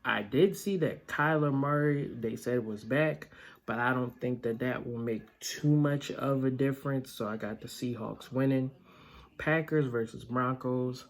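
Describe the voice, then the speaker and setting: A man's voice: mid-range voice, unhurried. A man hosting a casual sports picks vlog, blunt and opinionated, with plenty of filler words. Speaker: vlog host.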